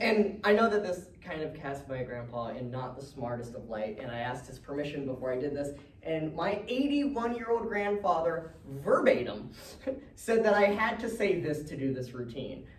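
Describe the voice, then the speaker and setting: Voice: mid-range voice, distant mic. Chuckling young stand-up comic in echoey room. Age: 20s. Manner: chuckles often between punchlines. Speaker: stand-up comedian. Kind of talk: stand-up storytelling. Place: comedy venue stage with live audience. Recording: roomy, from the mic, audience noise.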